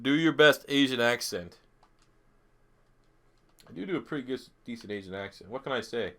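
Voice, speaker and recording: A man's voice: mid-range voice, lively intonation, normal speed, pauses often, bright, forceful tone. A young man streaming a football video game, reading chat questions aloud and answering in a crude, profane, blunt way. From Canada. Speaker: gaming streamer. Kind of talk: live gameplay commentary reading chat.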